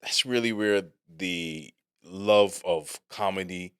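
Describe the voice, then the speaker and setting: A man in his forties hosting a podcast, telling stories in an animated, profane way. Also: deep voice, slow pace, smooth. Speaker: podcast host. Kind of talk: casual podcast chat.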